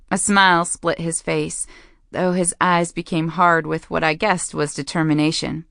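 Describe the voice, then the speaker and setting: A woman reads a first-person romance audiobook with a wry, playful touch. Her voice sits low and unhurried, smooth and clear. The recording is dry and close to the mic. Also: fairly even intonation, fairly bright tone, no room sound. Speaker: audiobook narrator.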